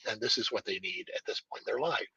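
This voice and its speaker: A man with a husky, slightly breathy voice tells stories in an animated way, acting out what each person said. The sound is dry and a little dull, as if from a modest mic. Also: on the low side, fast talker, dry recording. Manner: animated storyteller, acts out quoted dialogue. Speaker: martial arts school owner, guest. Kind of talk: storytelling in a podcast interview.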